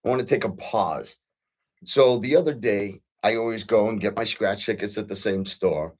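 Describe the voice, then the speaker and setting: A man's voice: lowish voice, normal speed. A middle-aged man hosting his own show, telling a story in a casual, earnest way with frequent ums and restarts. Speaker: podcast host.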